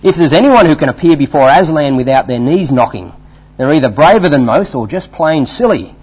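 A homely, motherly female beaver from a children's storybook, read aloud by a man. The delivery is folksy and lively. The voice has a husky grain. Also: on the high side, fairly quick, muffled recording. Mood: reassuring.

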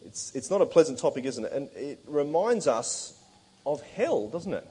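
A man with a husky, breathy voice delivers a sermon. He speaks in an earnest, emphatic way at a middle pitch for a man and slows down to press home the words he stresses. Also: darkish tone. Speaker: preacher.

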